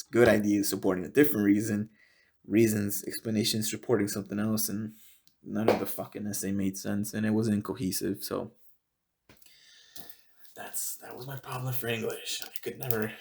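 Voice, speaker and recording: A man's voice: on the low side, gravelly, a little mellow, slight background noise. A young man hosting his own podcast, rambling in a casual monologue full of swearing and laughing at his own jokes. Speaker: podcast host.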